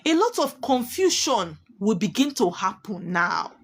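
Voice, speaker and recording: A woman's voice: mid-range voice, very animated, unhurried, husky. A woman, a spiritualist delivering emphatic, preachy warnings straight to her viewers and repeating key lines for weight. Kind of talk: prophetic monologue to viewers.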